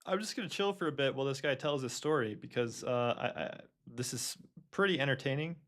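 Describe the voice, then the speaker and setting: A man's voice: mid-range voice, fairly quick, fairly bright tone. A man hosting a reaction show, laughing and commenting on a caller's story. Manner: laughs often, amused asides. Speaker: host.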